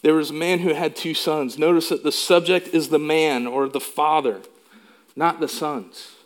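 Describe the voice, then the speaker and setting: Guy preaching, kinda high voice, leans hard on his points and asks the crowd stuff. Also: fairly even intonation, normal speed. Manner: emphatic, asks the room questions. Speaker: pastor. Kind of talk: sermon.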